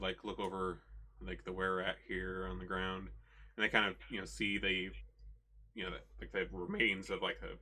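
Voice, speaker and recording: A man's voice: low voice, creaky, bright, forceful tone, a little hiss or hum. A man narrating as game master of a tabletop game, rambling with lots of "you know" and "like".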